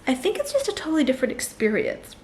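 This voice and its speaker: Chatty, laughing young mum vlogger. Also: female voice, high voice, huge pitch swings, fast, a little mellow. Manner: chatty, laughing often, talking to her baby between tips. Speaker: vlogger and mother. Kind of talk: casual chat to camera.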